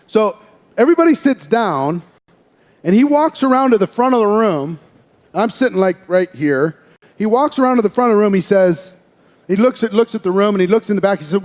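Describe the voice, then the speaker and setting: Man, high voice, storytelling speech, acts out voices, hall reverb. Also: fairly quick. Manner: animated, acts out quoted voices. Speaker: speaker telling a personal story.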